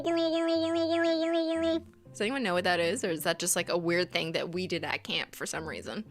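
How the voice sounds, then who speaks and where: A woman's voice: mid-range voice, fairly bright tone. A woman streamer chatting casually and rambling while playing a game, laughing often.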